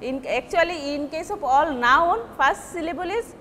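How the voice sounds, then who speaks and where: A woman teacher with a Bangladeshi accent giving a recorded English lecture, repeating and stressing example words deliberately. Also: high voice, expressive, a bit bright, big-room sound, slight background noise.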